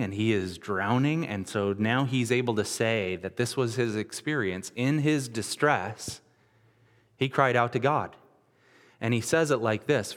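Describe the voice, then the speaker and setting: A man's voice: medium pitch, in a large hall. A male pastor preaching a sermon, retelling a scripture story in a casual, storytelling way.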